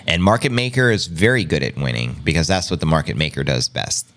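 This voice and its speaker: A man's voice: a bass voice, expressive, a little fast, fairly bright tone. A man hosting a casual livestream, reading viewer comments aloud with playful, joking banter and frequent laughs. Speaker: host.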